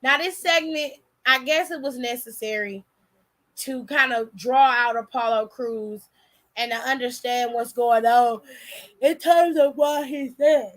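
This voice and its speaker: Brief: high-pitched woman, sassy and blunt vlog commentator, laughs a lot. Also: unhurried, a bit bright. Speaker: wrestling commentary vlogger. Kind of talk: casual reaction commentary.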